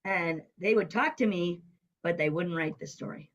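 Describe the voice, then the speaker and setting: Lively middle-aged woman telling a story. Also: fairly low pitch, moderate pace, poor audio. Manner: lively storyteller who acts out quoted voices. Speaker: guest, business coach. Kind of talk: casual storytelling interview.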